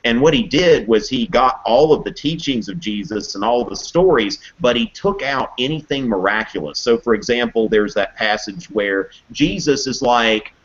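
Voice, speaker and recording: A man teaching history in a casual live video Q&A, chatty and animated, acting out quotes in playful voices. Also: medium pitch, moderate pace, hardly any pauses, highs cut off. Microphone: webcam mic on a video call.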